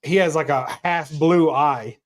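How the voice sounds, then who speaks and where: A man's voice: a little high, unhurried. A man in casual group chat who jokes, teases and acts mock-incredulous. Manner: teasing, joking, mock-incredulous.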